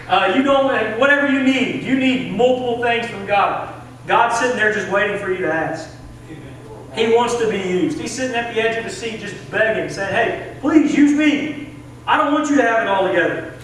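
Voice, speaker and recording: High-voiced young Southern preacher. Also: male voice, a bit bright. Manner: earnest, conversational preaching with acted quotes. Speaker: assistant pastor. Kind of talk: sermon. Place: church sanctuary. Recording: echoey church from a distance, faint hiss.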